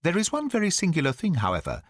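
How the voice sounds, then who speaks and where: A brisk, commanding male detective, read by a man in an audiobook, pressing his deductions in a crisp, urgent way. The intonation rises and falls with lively range. The recording is dry and close. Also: fairly high pitch, no room sound, pitched above the performer's own voice, full character voice. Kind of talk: audiobook dialogue reading.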